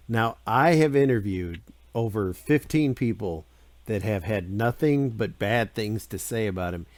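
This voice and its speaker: A man's voice: lowish voice, animated, a little slow, a little mellow, no room sound. Man asking interview questions. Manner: brief prompting questions and short agreement sounds. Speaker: interviewer and host.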